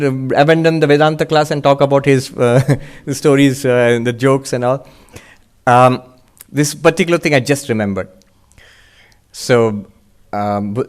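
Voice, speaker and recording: A man's voice: medium pitch, clean tone. A monk giving a spiritual lecture to an audience, explaining step by step, asking rhetorical questions and voicing his listeners' doubts, with the odd chuckle. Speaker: monk and Vedanta teacher.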